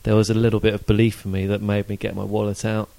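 A man's voice: fairly low pitch, monotone, fast, gravelly, mellow. A man co-hosting a casual football podcast, chatting in a rambling way with fillers and restarts. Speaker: podcast co-host.

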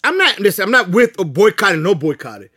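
A man's voice: high-pitched, sing-song, pushed and bright, breathy edge, dry recording, studio quality. A man co-hosting a podcast in casual chat, insistent and argumentative. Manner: fast, insistent, argues his point. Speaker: podcast co-host.

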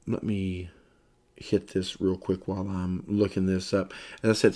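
A man's voice: lowish voice, gravelly, mellow. A tired man giving a Bible lesson, reading scripture aloud with rising emphasis and explaining it loosely with fillers. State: tired, yawning. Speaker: Bible teacher. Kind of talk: sermon-style Bible lesson.

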